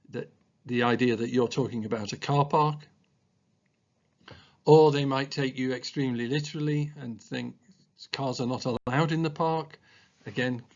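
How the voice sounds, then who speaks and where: A man gives a measured training talk about communication at a special school, pausing often with ums and uhs. His voice is mid-range, and the recording has its highs cut off.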